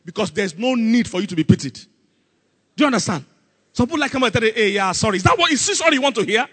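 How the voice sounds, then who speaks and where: A man preaching a sermon, animated and calling out questions for the congregation to answer. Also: very high voice, fast, husky, long reverb tail. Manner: animated, call-and-response with congregation, acts out Bible scenes.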